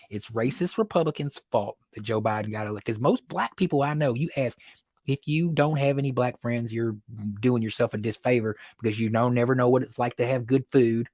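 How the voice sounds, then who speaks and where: A man's voice: mid-range voice, darkish tone, no room sound. A man hosting his own weekly livestream from his studio, chatting casually, joking and laughing often. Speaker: livestream host. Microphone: phone or computer livestream.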